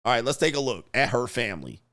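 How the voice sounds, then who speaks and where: A man's voice: mid-range voice, very animated, quick pace, fairly bright tone. A man hosting a livestream reaction commentary, talking in a blunt, mocking way and chuckling often. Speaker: commentary host.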